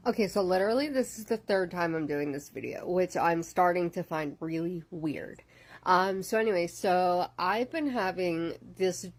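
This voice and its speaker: A woman casually describing recurring dreams in a rambling way, with many fillers. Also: lowish voice. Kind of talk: casual storytime.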